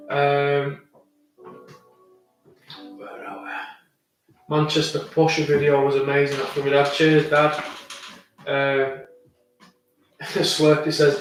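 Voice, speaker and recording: A man's voice: a little high, heavy reverb, far from the mic, poor audio. A man chatting casually on a live stream, rambling and restarting as he answers viewers' comments. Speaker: vlogger answering live chat.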